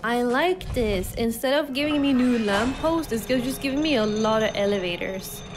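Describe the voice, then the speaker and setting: A woman's voice: fairly high pitch, moderate pace, noisy background. A woman streamer giving casual gameplay commentary, chatty and giggly, reacting aloud to what happens on screen. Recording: game music behind voice. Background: game music.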